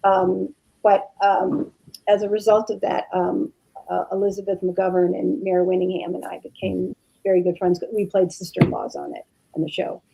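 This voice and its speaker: A middle-aged actress chatting as a podcast guest, rambling with many fillers. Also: female voice, medium pitch, expressive, moderate pace, vocal fry, mellow, lo-fi sound, a little hiss or hum. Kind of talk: casual podcast chat.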